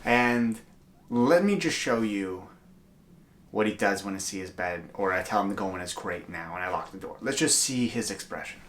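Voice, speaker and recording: A man's voice: fairly low pitch, lively intonation, moderate pace, a bit bright, slight background noise. A man chatting to camera in a room at home, giving upbeat, earnest advice as a dog owner. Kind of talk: casual vlog talk to camera.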